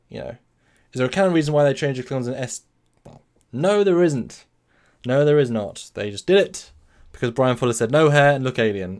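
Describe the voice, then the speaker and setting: This live-stream host speaks in a mid-range voice with a darkish tone. His talk is casual and meandering, full of self-corrections, and he responds to viewers by reading their chat messages out loud.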